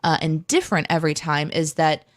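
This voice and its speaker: A woman in her thirties co-hosting a casual live chat, telling stories in a rambling, animated way with lots of fillers. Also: low-pitched, a little fast. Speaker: co-host.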